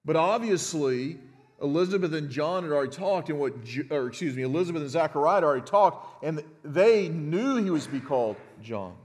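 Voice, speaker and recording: A man's voice: on the high side, expressive, a little fast, darkish tone. A middle-aged man preaching an expository sermon as a pastor in a conversational way, often restarting words and checking in with the congregation. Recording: long reverb of a large hall.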